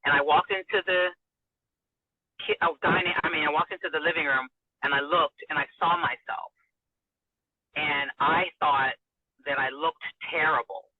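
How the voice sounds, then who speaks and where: A woman broadcaster telling a personal story in an interview, animated and emotional. She laughs often and acts out the dialogue. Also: deep voice, normal speed, long pauses, husky, dry recording. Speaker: radio and TV broadcaster, interview guest. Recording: dry, narrow phone-like sound.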